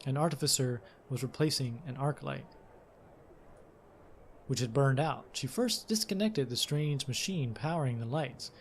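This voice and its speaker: A man's voice: medium pitch, measured pace, slight background noise. Man, let's play host; casual read-aloud of game text with commentary, some fillers. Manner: casual, with fillers and self-corrections.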